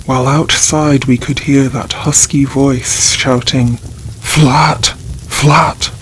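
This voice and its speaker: A man narrating a gothic horror story for sleep audio in a measured, even reading. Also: mid-range voice, a little hiss or hum, poor audio.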